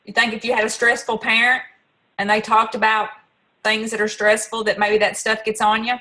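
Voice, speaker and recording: Bright-voiced woman leading a discussion. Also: a little high, flat delivery, moderate pace, low-quality recording. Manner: asks questions, restarts, many fillers. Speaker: discussion host. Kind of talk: casual group discussion.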